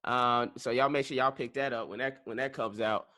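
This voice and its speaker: A man hosting a podcast, asking questions in a relaxed, casual way with halting restarts. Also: medium pitch. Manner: easygoing, with hesitant restarts. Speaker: podcast host. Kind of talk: casual interview.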